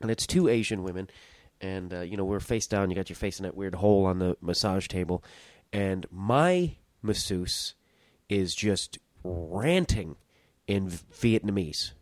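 A man's voice: sits low, measured pace, no echo. A young man hosting his own podcast, telling a story in a rambling, self-interrupting way and swearing casually. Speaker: podcast host.

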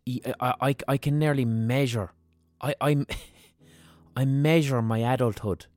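A man's voice: mid-range voice, steady tone, unhurried, a little mellow, dry recording. A man hosting a podcast, telling stories in a frank, rambling monologue with plenty of swearing and restarted sentences. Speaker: podcast host. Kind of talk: candid monologue.

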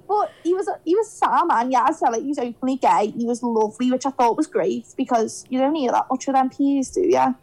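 This is a young woman from Liverpool with a broad Scouse accent and a high, bright-toned voice. She chats casually as a podcast guest. She tells animated stories and acts out what people said. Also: fairly quick, few pauses, poor audio. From Liverpool, England. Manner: animated storyteller, acts out quotes. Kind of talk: casual chat.

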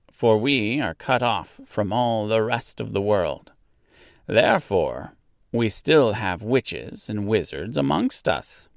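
Brief: gentle old witch lady, read by a man, calm and slow, voice sweeping up and down. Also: lowish voice, vocal fry, no room sound, studio quality, heavily acted. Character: kindly little old good witch, calm and sure. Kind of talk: storybook reading.

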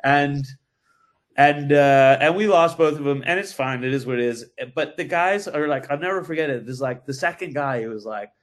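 A man telling a story as a podcast guest, animated and full of swearing. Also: a little high, normal speed. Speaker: brewery guest. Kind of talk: casual podcast chat.

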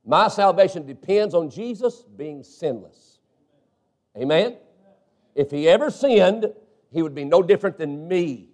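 A man's voice: high voice, expressive, a little slow, darkish tone. A male pastor preaching a sermon, punctuating points with frequent amens and questions to the congregation.

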